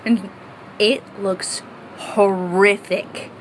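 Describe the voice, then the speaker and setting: A woman telling a funny story in a lively way, acting out the voices in it. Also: mid-range voice, very slow, slight background noise, poor audio. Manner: animated, acts out voices. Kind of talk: casual storytime.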